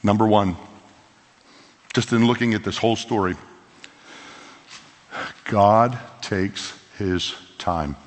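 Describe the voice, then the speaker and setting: A man preaching a sermon as pastor, animated and conversational, leaning into quoted lines. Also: lowish voice, takes it slowly, pauses often. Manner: animated, acts out voices of biblical figures in quotes. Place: church sanctuary. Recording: long hall reverb.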